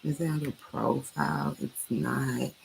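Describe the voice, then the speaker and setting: A woman's voice: rumbling low, steady tone, slow pace, creaky, a little mellow, slight background noise, rough recording. A woman hosting a late-night live stream, ranting bluntly and with lots of swearing.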